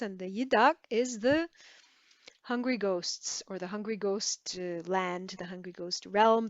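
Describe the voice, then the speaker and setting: A woman teaching a Tibetan lesson, halting and correcting herself as she spells words out syllable by syllable. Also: lowish voice, creaky, no room sound, highs cut off. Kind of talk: relaxed online language lesson.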